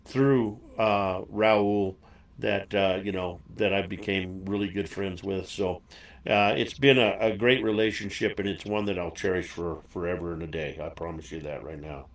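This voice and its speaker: A man's voice: sits low, steady tone, normal speed, reverberant, distant mic. A man hosting a casual chat interview, folksy and chatty, laughing easily. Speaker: show host.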